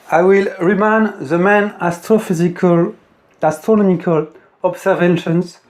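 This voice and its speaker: A man's voice: high voice, a little mellow. A man with a French accent, not a native English speaker, giving a careful, formal science lecture. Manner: careful, deliberate, formal phrasing. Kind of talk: slow formal lecture reading.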